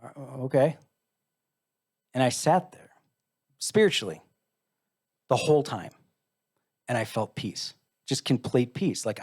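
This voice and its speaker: A man's voice: medium pitch, darkish tone, husky. A middle-aged man from the United States, a musician guest telling a personal story in a live interview, candid and wry, acting out the voices he quotes.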